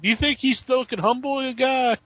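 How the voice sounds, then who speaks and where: A man's voice: extremely high pitch, fairly even intonation, a little fast, no echo. A man hosting a wrestling talk radio show, casual and crude, joking and laughing often. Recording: dull lo-fi sound, dry.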